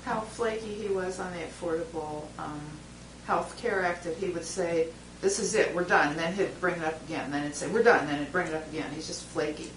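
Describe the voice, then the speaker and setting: A woman giving blunt opinions as a focus group participant, animated in her retelling. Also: fairly low pitch, fairly quick. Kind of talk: casual opinion in group discussion. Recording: roomy distant recording with clear background noise.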